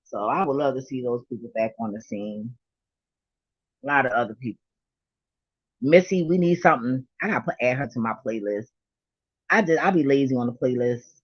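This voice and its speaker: A woman's voice: a bass voice, normal speed, long pauses, husky, dry recording. A middle-aged woman vlogging in a hyped, profane, laughing casual monologue. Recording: dull, dry lo-fi recording.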